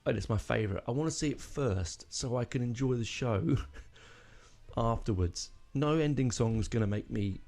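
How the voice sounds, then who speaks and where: In a gravelly, darkish mid-range voice at normal speed, a podcast host talks on his own in a casual, emotional way. His speech wanders, packed with fillers and false starts.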